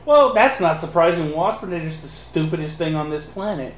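A man playing Optimus Prime, a noble male robot leader, and speaking in a measured, formal way. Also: on the high side, animated, a little hiss or hum, pitched below the performer's own voice, natural voice. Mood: dismissive. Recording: roomy echo.

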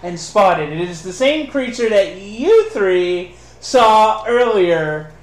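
High-voiced male game master, echoey. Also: very animated, slow pace. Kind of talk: narrating a tabletop game. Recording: roomy echo.

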